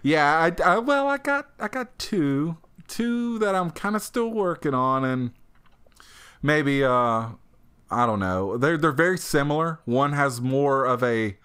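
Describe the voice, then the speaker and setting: A man's voice: on the high side, animated, unhurried, fairly bright tone, smooth. A man co-hosting a tabletop gaming podcast, talking in a rambling, hesitant way with lots of fillers and frequent laughs. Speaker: podcast co-host. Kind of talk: casual chat.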